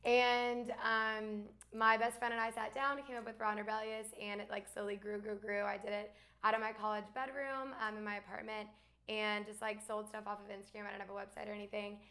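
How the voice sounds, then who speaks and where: A young woman from Alabama, a guest in a casual chat, talking fast with lots of fillers and laughs. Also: medium pitch, flat delivery, pushed and bright. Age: young adult.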